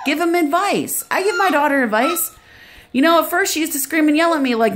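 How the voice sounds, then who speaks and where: A woman's voice: sits high, very animated, moderate pace, a little hiss or hum. A middle-aged woman, a grandmother, giving earnest, preachy advice in a casual vlog. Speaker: grandmother vlogger.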